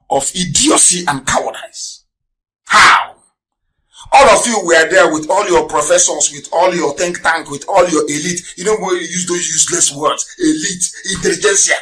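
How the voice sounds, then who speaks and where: A man hosting a live radio broadcast, firing rhetorical questions, mocking his critics and breaking into shouts. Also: fairly high pitch. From Nigeria. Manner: scornful, mocking. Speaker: broadcast host.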